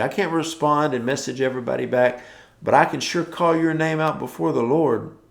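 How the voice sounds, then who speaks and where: Gravelly-voiced preacher man exhorting. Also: mid-range voice, normal speed, reverberant. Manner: exhorting, repetitive declarations. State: yawning, tired from early rising. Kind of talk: morning devotional sermon.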